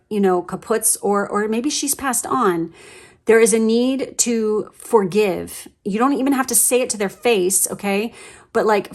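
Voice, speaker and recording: A woman giving a casual, emotional tarot reading, chatty with lots of fillers and the odd swear word. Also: medium pitch. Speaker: tarot reader.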